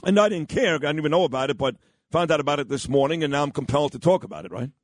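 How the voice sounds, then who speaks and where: A man hosts a radio show, his pitch sitting a little high and swinging widely as he tells a story. He talks in a blunt, rambling way, and the studio sound is close and dry. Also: lively intonation, rapid-fire, no echo. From New York. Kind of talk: storytelling and opinionated chat.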